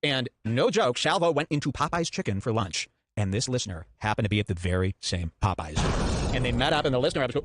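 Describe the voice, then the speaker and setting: A man's voice: medium pitch, big pitch swings, quick pace. A man hosting a podcast, telling a story in a rambling, sarcastic way over clips. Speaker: podcast host. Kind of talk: casual podcast commentary.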